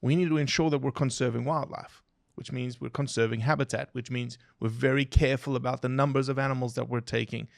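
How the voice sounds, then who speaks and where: Here a biologist guest on a podcast talks quickly and with few pauses, his gravelly male voice sitting at medium pitch. He quizzes his hosts and tells stories, explaining with animation and throwing questions to listeners. There's no room sound, and the audio is studio quality, in an interview storytelling format.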